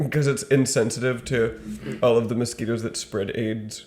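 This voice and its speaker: A man's voice: mid-range voice, fairly even intonation, a little slow, a little mellow. A man from upstate New York, a guest actor on a comedy podcast, chatting in a hesitant, rambling way and laughing easily. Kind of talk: casual podcast banter. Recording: roomy echo.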